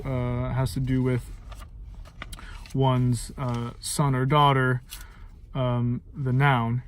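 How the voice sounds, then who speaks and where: Slow, halting man explaining music. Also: medium pitch, flat delivery, a little hiss or hum. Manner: halting, thinks aloud with many fillers; sings short phrases to illustrate. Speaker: music teacher and composer. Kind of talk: informal music lesson.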